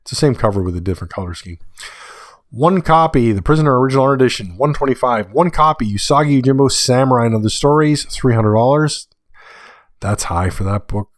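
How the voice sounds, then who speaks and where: A man hosting a solo podcast, working through a long list of prices and adding dry asides as he goes. He sounds tired, as if recording late at night. His voice sits at an ordinary pitch and is recorded close and dry, with no room sound. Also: expressive, fairly quick, no echo. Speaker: podcast host.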